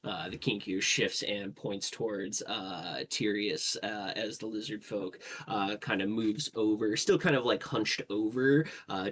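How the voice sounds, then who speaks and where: Male game master, lowish voice, laid-back filler-heavy scene narration. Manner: descriptive, loose narration with many fillers.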